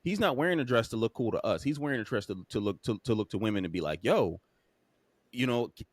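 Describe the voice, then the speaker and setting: A man's voice: lowish voice, lively intonation, fast, no echo, clean studio sound. A young man co-hosting a podcast, telling a story with frequent profanity and emphatic delivery. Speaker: podcast co-host.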